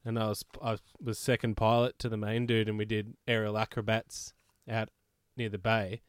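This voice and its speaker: A man co-hosting a casual chat, telling stories in a deadpan way and running a quiz. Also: lowish voice, moderate pace, clear, resonant tone, dry recording. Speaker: podcast co-host and quiz master.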